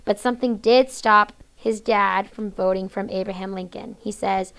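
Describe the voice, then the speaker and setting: A woman teaching sixth grade in a classroom, reading a story aloud, explaining it and hushing students between lines. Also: medium pitch, fairly even intonation, normal speed, few pauses. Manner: reads quoted lines with changed voices, hushes students often.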